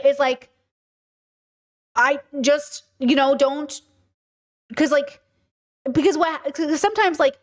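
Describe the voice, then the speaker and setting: Woman, stream host, casual chat, emphatic, filler-heavy, slightly high voice. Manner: chatty, emphatic, lots of fillers.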